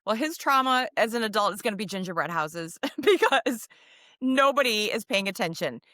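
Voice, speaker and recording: A woman's voice: a little high, expressive, normal speed, sharp tone, dry recording, studio quality. A woman co-hosting a podcast in casual chat, recapping a film's plot in a rambling way with lots of fillers. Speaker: podcast co-host.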